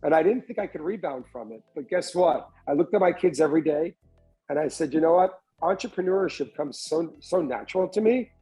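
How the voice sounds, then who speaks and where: A man's voice: on the high side, a little fast, faint music behind, poor audio. New man telling his story. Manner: animated storyteller who acts out other people's lines; frequent restarts and repeated words. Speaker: restaurant entrepreneur, guest. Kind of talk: candid storytelling interview.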